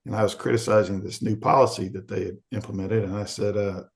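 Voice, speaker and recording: A man's voice: lowish voice, steady tone, fast talker, creaky. A middle-aged man from Arkansas, a podcast guest telling a candid story and acting out the quoted voices in it. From Arkansas, USA.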